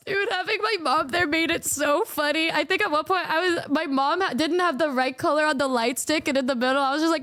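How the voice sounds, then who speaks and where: A woman streamer chatting casually to her fans, excitable and giggly, swearing freely. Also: sits high, a little fast, no room sound. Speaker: singer and streamer.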